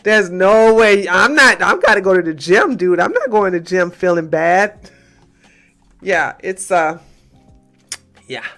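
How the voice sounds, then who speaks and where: A woman's voice: on the low side, unhurried, long pauses, soft background music. A woman from the US, hosting a casual livestream and talking emphatically to her chat. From Georgia, USA. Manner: animated, emphatic, talks to chat, swings between loud outbursts and muttering. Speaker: livestream host.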